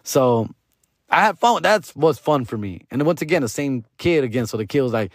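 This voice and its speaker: A man in a podcast's host seat spins a loose, rambling comic tale, peppering it with "dog" and "fool." His voice sits at a middle pitch and sounds dry and close, with no room around it. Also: expressive, brisk, no room sound. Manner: slangy, rambling, calls the listener dog and fool. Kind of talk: comedic storytelling.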